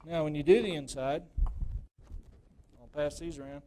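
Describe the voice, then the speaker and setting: A man's voice: a little high, moderate pace, warm tone, slight background noise. A man demonstrating woodturning to a club audience live, talking casually and checking in with "okay?" after nearly every point.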